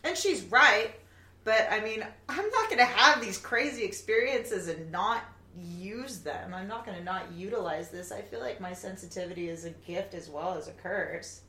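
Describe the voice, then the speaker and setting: A woman telling her own stories in an animated way, swearing now and then, in a casual group chat. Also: medium pitch, normal speed. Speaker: guest. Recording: echoey room, faint background noise.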